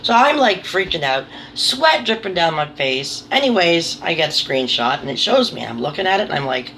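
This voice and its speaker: A woman's voice: lowish voice, sing-song, normal speed, fairly bright tone, slight background noise. A woman chatting casually to her viewers in a rambling, apologetic, self-deprecating way, swearing now and then. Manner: nervous, apologetic. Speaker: vlogger. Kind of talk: casual chat to camera.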